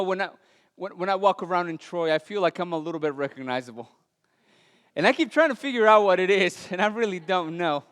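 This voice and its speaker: A male pastor with a non-native, Latin American accent, preaching a sermon with earnest storytelling and light self-deprecating humor, his voice dropping soft and low on weighty lines. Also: clear, resonant tone. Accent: non-native English, Latin American. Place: church sanctuary. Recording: long church hall reverb.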